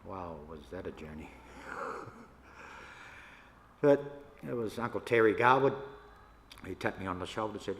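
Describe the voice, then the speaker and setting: An older Australian man, a First Nations elder, telling stories to an audience in a relaxed, yarning way with laughs between them. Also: deep voice, measured pace, long pauses. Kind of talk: storytelling talk to an audience. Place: church hall. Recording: echoey hall, faint room noise.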